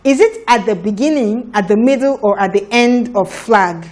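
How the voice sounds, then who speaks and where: A woman teaching a children's phonics lesson, sounding out letters slowly and deliberately. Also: a little high, expressive, a little mellow.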